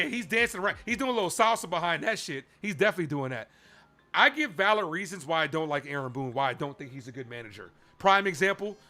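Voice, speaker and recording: A man's voice: a little high, pushed and bright. A young man streaming live baseball play-by-play, heatedly arguing with viewers in chat and calling the ball-and-strike count between his points. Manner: heated and argumentative, pressing chat for answers; calls balls and strikes between rants.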